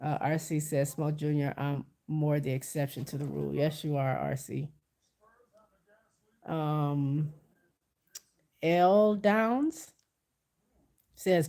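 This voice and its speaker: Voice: medium pitch, dark tone. A livestreamer who is stuffy from a cold, chatting casually to viewers and reading their comments aloud, with frequent restarts. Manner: talks straight to viewers, frequent restarts and self-corrections.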